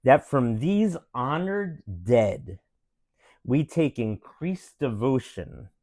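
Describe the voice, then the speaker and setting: A parent putting on the voice of a solemn 1860s statesman, reading a famous speech slowly and gravely with long pauses. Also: medium pitch, animated, a little mellow, no room sound. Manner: slow, grave, with drawn-out pauses. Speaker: parent reading aloud to children.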